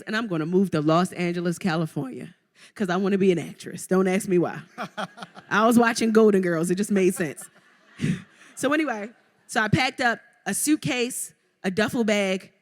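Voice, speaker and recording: Animated woman telling her story in a hall. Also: mid-range voice. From Baltimore, Maryland. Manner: animated, playful, talks straight to the audience. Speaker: guest entrepreneur. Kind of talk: live stage interview, storytelling. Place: live event venue before an audience. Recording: reverberant live event hall.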